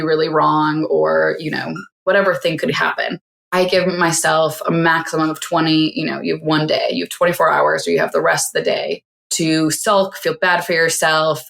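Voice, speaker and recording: A woman in her forties with a very low, gravelly voice full of vocal fry speaks as a podcast guest. She gives practical advice in a reflective, casual way, with many fillers. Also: fairly bright tone. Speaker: tech CEO guest. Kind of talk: casual interview chat.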